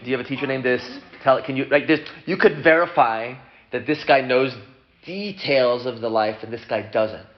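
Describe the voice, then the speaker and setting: A man, a rabbi, casually teaching a class and acting out the people in his story. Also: normal speed. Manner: animated, acts out characters with big pitch jumps. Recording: dull lo-fi room recording.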